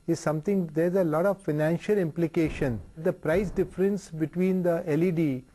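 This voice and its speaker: Company chairman on a studio link, high mellow voice, measured reasoning. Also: steady tone. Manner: measured, reasoning aloud with fillers. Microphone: remote studio link.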